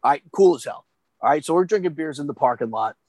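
A man telling a story in casual chat, animated and profane, acting out the voices of the people he quotes. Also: fairly high pitch, quick pace, no room sound.

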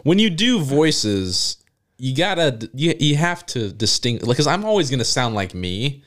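A man's voice: mid-range voice, sing-song, moderate pace, a bit bright. A young man co-hosting a casual podcast, joking around and dropping into put-on announcer voices. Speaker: podcast co-host. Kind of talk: casual chat.

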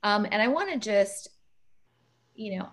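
A woman hosting a casual interview over a video call, emotional and quick to laugh, calling herself a big softie. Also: medium pitch, animated. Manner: warm, emotional, laughs often. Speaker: podcast host.

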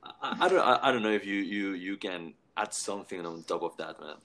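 A man hosting an interview, eager and a bit halting as he frames his questions. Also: sits low, lively intonation, pushed and bright. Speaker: podcast host. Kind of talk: casual interview.

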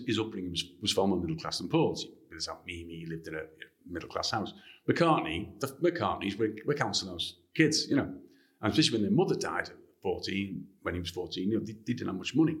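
A man from Liverpool with a Liverpool accent, a guest author telling anecdotes in an interview in an animated way. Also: low-pitched, brisk. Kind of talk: interview storytelling.

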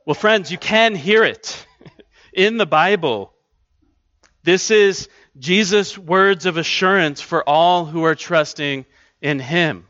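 A man's voice: fairly high pitch, slow, a bit bright, no room sound, muffled recording. A male pastor preaching a sermon in an earnest, conversational way, often restarting his phrases. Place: church.

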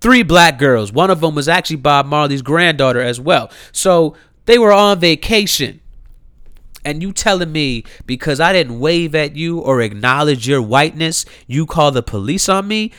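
A man's voice: a little high, animated, moderate pace, a bit bright, clear, resonant tone, dry recording, clean studio sound. A man, delivering a heated, incredulous rant, swearing freely and repeating himself. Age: 30s. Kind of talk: impassioned rant to camera.

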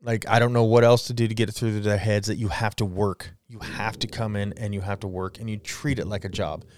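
A man's voice: lowish voice, level tone, a little fast, darkish tone, dry recording. A man in his forties hosting a solo podcast, ranting bluntly and swearing freely. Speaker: podcast host. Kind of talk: casual solo podcast rant.

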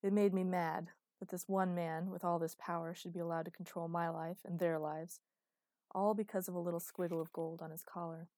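A woman's voice: fairly low pitch, level tone, brisk, darkish tone, no echo. A woman narrating first-person fiction in a dry, wry storytelling manner, close to the mic. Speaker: audiobook narrator.

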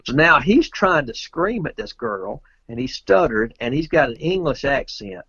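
Folksy man, husky voice. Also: mid-range voice, very animated, moderate pace, fairly bright tone, no echo, dull audio. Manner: rambling, folksy, loose grammar. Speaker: interview guest, pool player. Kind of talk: casual storytelling.

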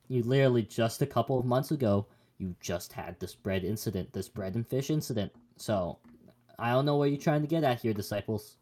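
A man's voice: medium pitch, brisk, dark tone. A young man co-hosting a podcast, chatting casually about Bible passages in a rambling, joking way with many restarts. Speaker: podcast co-host.

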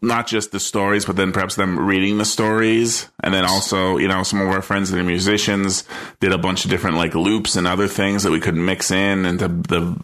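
A man's voice: deep voice, flat delivery, fairly quick, fairly bright tone. A man chatting casually on a podcast, often hesitant, full of ums and likes as he feels for his words. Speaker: podcast co-host.

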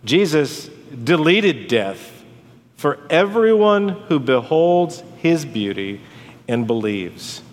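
A man preaching a sermon as a pastor, swinging from dramatic rises to hushed drops on key words. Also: fairly high pitch, big pitch swings, slow. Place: church sanctuary. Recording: long hall reverb.

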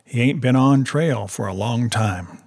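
A narrator putting on a rough Klondike dog-musher, slow and plain-spoken, with a dry rustic humor. His voice sits low and easy, with a husky grain. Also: darkish tone.

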